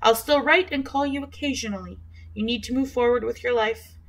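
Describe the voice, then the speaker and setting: A woman reading a soft-spoken imprisoned father. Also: a little high, brisk, pitched above the performer's own voice, poor audio. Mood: earnest. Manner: soft, earnest. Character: worried middle-aged imprisoned father.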